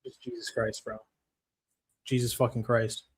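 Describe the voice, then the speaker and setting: A young man hosting a live stream, swearing constantly and venting his frustration over a lost bet. His voice sits at an ordinary middle pitch, and he answers chat comments in a casual, irritated way. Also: flat delivery, a little slow, slightly rough. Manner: profane, frustrated ranting; reads chat comments aloud. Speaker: livestream host.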